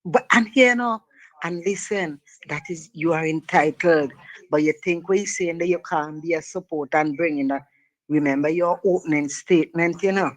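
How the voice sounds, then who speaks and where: A man's voice: a little high, normal speed, low-quality recording. A man calling a radio show, teasing the host in a folksy way and laughing at his own jokes. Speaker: radio caller. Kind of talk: casual call-in chat.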